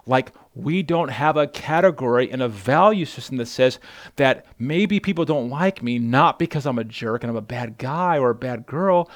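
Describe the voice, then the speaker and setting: A man's voice: medium pitch, lively intonation, moderate pace, dry recording, clean studio sound. A man preaching a sermon as pastor, earnest and emphatic, repeating phrases for weight. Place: church.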